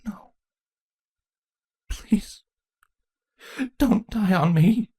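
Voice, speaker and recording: Man putting on a high falsetto changeling queen, female, worn out and grieving, trembling and pleading, dry close sound, storybook reading. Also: drawn-out words, fairly bright tone, dry recording, heavily acted. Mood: desperate pleading.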